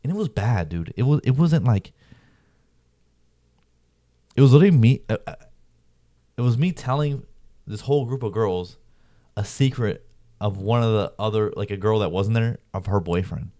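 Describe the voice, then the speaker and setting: A man's voice: fairly low pitch, lively intonation, moderate pace, long pauses, warm tone, no room sound, studio quality. A young man telling a story in a rambling, slangy way, peppered with "bro" and "like". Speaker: vlogger. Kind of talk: casual storytelling.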